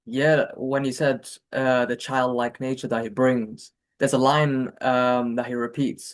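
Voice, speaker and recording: Halting male interviewer. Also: medium pitch, level tone. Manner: halting, questioning, fillers. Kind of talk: casual interview.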